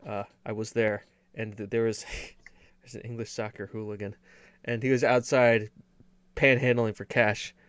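A man co-hosting a gaming stream, talking in animated casual chat, swearing and laughing often. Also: lowish voice, normal speed, clean tone, no room sound. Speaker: co-host.

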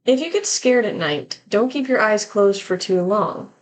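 A woman's voice: medium pitch, lively intonation, measured pace, rough recording. A woman hosting a casual podcast, reading short horror stories aloud and chatting with a lot of laughter. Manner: giggly, reads stories aloud.

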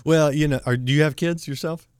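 A middle-aged man hosting a talk show, telling a story in a relaxed way with many restarts. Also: a little high, brisk, smooth, no room sound, studio quality. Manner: warm anecdotal, frequent restarts and repeated words. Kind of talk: casual conversational storytelling.

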